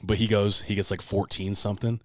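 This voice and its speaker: A man with a low, deep voice tells a story in casual podcast chat, swearing freely and shouting out the lines he said back then. The sound is dry and close, with no room echo. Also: flat delivery, brisk. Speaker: podcast host.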